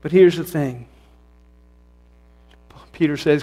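A man's voice: on the high side, moderate pace, a little mellow. A man preaching a sermon as pastor, earnest and repetitive, often restarting his phrases. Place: church sanctuary. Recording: long reverb of a church hall.

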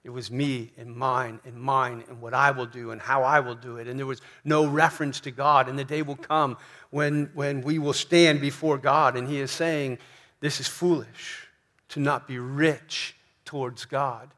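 A man's voice: mid-range voice, little pitch movement, a little slow, fairly bright tone. A man preaching a sermon in a church, emphatic, often repeating questions and asking "right?". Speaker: pastor.

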